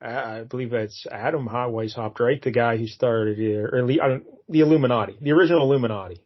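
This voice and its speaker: A man co-hosting a casual comic book review podcast, talking in a relaxed, rambling way and acting out lines from the pages. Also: mid-range voice, fast talker. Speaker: podcast co-host. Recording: dull lo-fi podcast audio.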